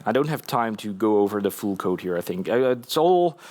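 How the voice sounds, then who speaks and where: A man's voice: on the low side, animated, normal speed, a little mellow. A man giving a casual, chatty live tech talk at a conference, with lots of fillers and restarts. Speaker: conference speaker. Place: conference hall.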